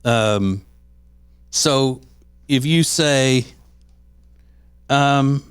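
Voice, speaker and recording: A man's voice: mid-range voice, extremely slow, smooth, dry recording, studio quality. A man co-hosting a podcast in casual chat, rambling with frequent restarts and acting out quoted voices. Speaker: podcast co-host.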